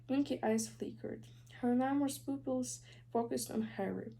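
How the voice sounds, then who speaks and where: A woman's voice: on the high side, normal speed, gravelly, dark tone, a little hiss or hum. Young Ukrainian-accented woman reading aloud. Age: young adult. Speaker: student reader. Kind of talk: audiobook reading.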